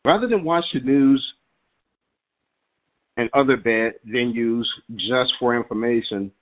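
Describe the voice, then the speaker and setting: A man's voice: mid-range voice, measured pace. Earnest preaching man over a phone line. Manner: earnest, emphatic preaching cadence. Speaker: prayer call leader. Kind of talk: prayer-line devotional and scripture recitation. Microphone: phone call.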